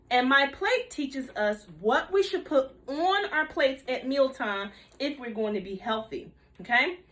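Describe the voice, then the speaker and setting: A woman giving a kindergarten video lesson on healthy eating, in a bouncy teacher voice with call-and-response and drawn-out repeated words. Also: high-pitched, a bit bright. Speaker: nutrition educator for young children.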